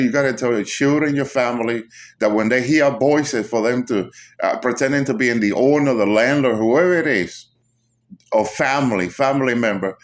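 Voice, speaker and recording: A man tells a frightening personal testimony in an ordinary, middle-pitched voice. He speaks haltingly, stumbling and repeating words. An urgent edge runs through his telling. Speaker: storyteller recounting a vision.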